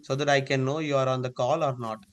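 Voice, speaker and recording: A man's voice: medium pitch, fairly even intonation, fast talker. A man teaching a live online class over a video call, giving repeated step-by-step instructions.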